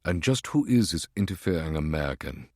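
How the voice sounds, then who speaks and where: A man voicing a cold, commanding male conspirator boss who speaks curtly with quiet menace. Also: very deep voice, very animated, fairly quick, no echo, studio quality, heavily acted.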